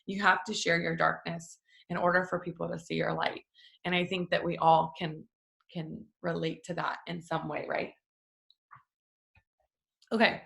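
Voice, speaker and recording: Chatty young woman, gravelly low voice. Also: fairly even intonation, normal speed, a bit bright. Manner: chatty and emotional, many fillers. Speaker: devotional host. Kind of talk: casual faith talk. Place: family home. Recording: roomy echo.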